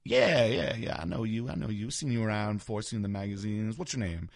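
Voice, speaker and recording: A man voicing a loud, brash, boastful giant bodybuilder with a swaggering delivery. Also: lowish voice, lively intonation, brisk, gravelly, no room sound, clean studio sound. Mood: boisterous.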